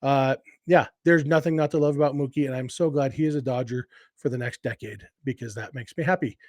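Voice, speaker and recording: A man's voice: mid-range voice, fairly even intonation, fairly quick, a little mellow, no echo, studio quality. A man hosting a casual solo sports podcast, talking enthusiastically in a rambling way with restarts and asides. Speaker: podcast host.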